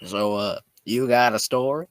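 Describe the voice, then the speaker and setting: A man's voice: mid-range voice, normal speed, smooth, dry recording. A young man co-hosting a casual podcast, rambling through his points with lots of fillers. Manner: rambling, many fillers and restarts. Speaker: podcast co-host. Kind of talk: casual chat.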